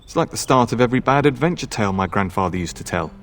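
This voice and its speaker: A man's voice: mid-range voice, expressive, fast, natural voice. A man voicing an earnest young castle knight in a fan dub, formal and courteous. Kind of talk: fan voice acting over a game.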